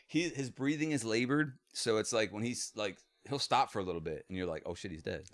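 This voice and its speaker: A man telling stories in a casual podcast chat, profane and animated. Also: on the low side, fairly quick. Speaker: podcast co-host.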